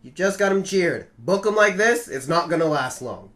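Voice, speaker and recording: Young male podcast host, higher-pitched, swears freely, animated joking recapper. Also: normal speed. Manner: profane, joking, animated storyteller. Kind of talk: casual podcast chat.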